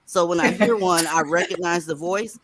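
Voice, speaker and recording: A woman's voice: moderate pace, a bit bright. Brash, mocking woman host. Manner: brash, mocking, with big swings up in pitch. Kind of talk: casual group chat.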